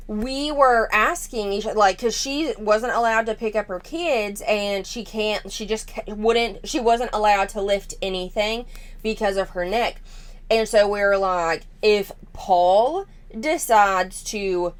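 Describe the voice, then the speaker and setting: A woman's voice: medium pitch, clean tone. A woman hosting a commentary channel, reacting to a family vlog in a frank, unpolished way with lots of fillers.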